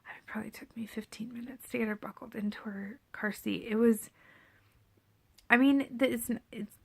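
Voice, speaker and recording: A woman's voice: on the high side, fairly even intonation, moderate pace, creaky, darkish tone, husky. A pregnant young woman telling a parenting story to camera in a candid, reflective way, often dropping to a near whisper. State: seven and a half months pregnant. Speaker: parenting vlogger.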